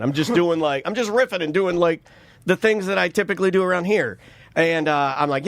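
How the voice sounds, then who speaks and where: A man's voice: sits high, a little fast, fairly bright tone, no echo. A man in his thirties, co-hosting a podcast and telling a rambling, joking family story with many restarts. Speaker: podcast co-host. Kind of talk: casual chat, storytelling.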